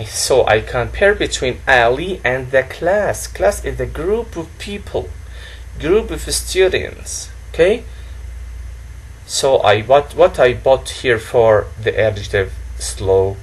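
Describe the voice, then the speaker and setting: Very slow husky male teacher. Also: medium pitch, animated, rough recording. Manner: repeats phrases and says "okay" often. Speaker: grammar teacher. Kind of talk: slow classroom lesson.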